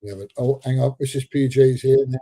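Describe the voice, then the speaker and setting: Reading out viewer comments on a live stream, this seventy-year-old man jokes, laughs a lot and drops into slang, sounding slightly congested. His medium-pitched voice is dark and husky with fairly even intonation and a slightly quick pace, captured in a dry recording.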